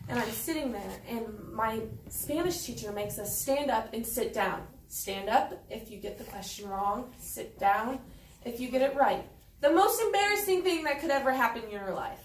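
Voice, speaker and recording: A woman's voice: on the high side, slight background noise. A young woman telling a personal story at a live story slam, candid and wry. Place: event hall with a live audience. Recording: echoey hall, distant mic.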